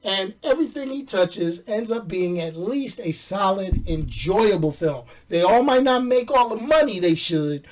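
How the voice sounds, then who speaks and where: A man's voice: sits high, lively intonation, unhurried, few pauses, distant mic. A man from New York talking casually and animatedly about a movie, joking, laughing often and using street slang. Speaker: movie reviewer. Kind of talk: casual movie review chat.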